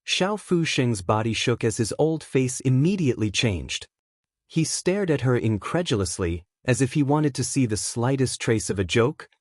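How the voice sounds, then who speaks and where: A male narrator reading a fantasy audiobook in an even, steady way. His voice is mid-pitched, and the recording is dry and close with no room echo. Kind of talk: scripted narration.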